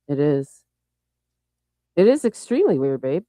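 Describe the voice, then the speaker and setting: A woman's voice: low-pitched, very animated, unhurried, warm tone, no echo. A woman hosting a casual livestream chat, giggly and affirming with frequent yeahs. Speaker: livestream host.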